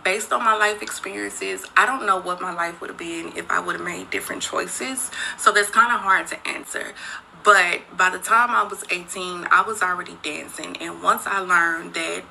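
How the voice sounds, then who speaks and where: A woman's voice: fairly low pitch, normal speed, creaky, pushed and bright, a little hiss or hum, low-quality recording. A woman and single mother speaking in a confessional social media video, candid and profane, talking straight to her viewers. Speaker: single mother, former dancer.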